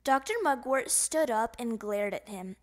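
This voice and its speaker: A woman narrating a children's picture book in an expressive, sing-song way. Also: a little high, unhurried. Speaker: storybook narrator. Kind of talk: children's audiobook reading.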